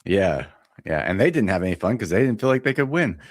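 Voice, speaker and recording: A man co-hosting a board game podcast in casual chat, giving deadpan, understated verdicts. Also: on the low side, brisk, no room sound. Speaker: podcast co-host.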